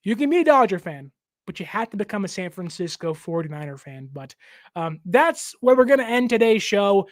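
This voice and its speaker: A young man hosting a casual sports talk show, given to animated joking rants. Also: sits high, brisk, dry recording, studio quality. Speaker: show host.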